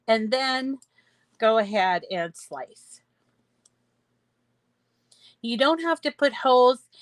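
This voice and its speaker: A woman walks through a craft project step by step at a slow, unhurried pace, with plenty of small fillers as she goes. Her voice sits close and dry on a desk mic, with no room sound around it. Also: mid-range voice, a bit bright, no room sound. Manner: chatty, explains step by step with fillers. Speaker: craft tutorial host. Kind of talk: screen-share craft tutorial.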